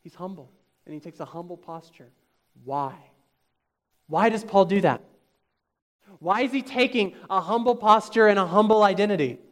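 High-voiced man preaching a sermon. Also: animated, normal speed, long pauses. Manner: emphatic, rhetorical questions to the congregation. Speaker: pastor.

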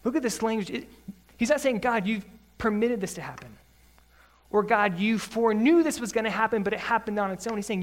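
Speaking in a high voice, a man teaches the Bible through an expository sermon. Scripture is read slowly first, and then he explains it in a conversational way with earnest, building emphasis.

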